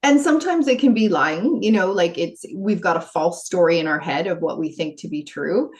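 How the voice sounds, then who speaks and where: Female coach as podcast guest, lowish voice, earnest and animated, laughs easily. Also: normal speed. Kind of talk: conversational interview.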